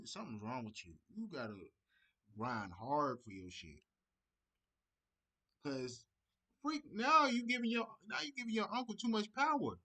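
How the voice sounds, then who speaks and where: A young man reacts to a story with loud, animated, slangy commentary. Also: mid-range voice, husky. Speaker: reaction video host.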